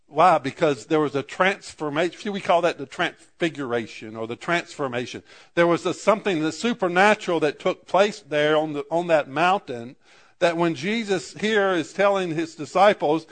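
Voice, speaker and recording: Guy preaching a sermon, kinda high voice, repeats words then gets loud and emphatic. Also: normal speed. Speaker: pastor.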